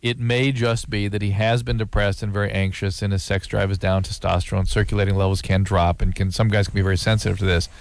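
Gravelly fast-talking man, dry mic. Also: fairly low pitch, flat delivery. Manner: quick, repeats words when starting. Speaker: guest doctor giving advice. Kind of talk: casual advice chat.

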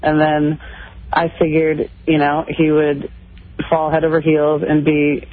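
A woman calling into a radio show, speaking hesitantly and haltingly. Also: deep voice, monotone. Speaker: caller. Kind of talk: call-in radio conversation. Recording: tinny phone line.

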